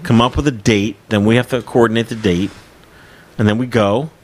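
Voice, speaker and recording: A man's voice: on the low side, fairly even intonation, normal speed. A man hosting a podcast in casual chat, rambling and full of fillers as he goes through listener mail. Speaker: podcast host.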